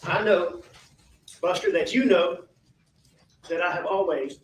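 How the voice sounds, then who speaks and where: A man speaking slowly and haltingly as a defendant in a courtroom, repeating his apologies in a formal statement. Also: high voice. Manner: slow, halting and repetitive, apologetic. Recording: echoey distant courtroom audio.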